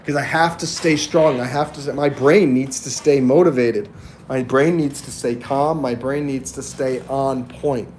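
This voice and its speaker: A man in his forties hosting a motivational livestream, talking earnestly and often clearing his throat. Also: mid-range voice, steady tone, measured pace, darkish tone, slight background noise. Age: 40s. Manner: earnest, reads and answers chat. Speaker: livestream host.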